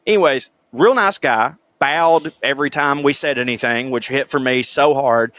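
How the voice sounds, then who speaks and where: A man with a Southern US accent co-hosting a podcast, talking in an animated, profane way as he tells stories. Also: medium pitch, moderate pace, dry recording. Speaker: podcast co-host. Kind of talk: casual comedic chat.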